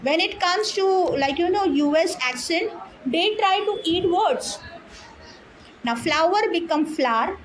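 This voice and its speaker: A woman with an Indian English accent in a casual English-practice conversation, talking quickly and chattily with many "like, you know" fillers. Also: extremely high pitch, expressive. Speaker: conversation partner.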